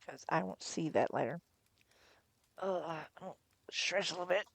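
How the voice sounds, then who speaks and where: A woman's voice: on the low side, moderate pace, creaky, no room sound. Woman reading a novel aloud, voice wearing thin. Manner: chatty, laughs between asides. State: voice going hoarse. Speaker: livestream storyteller.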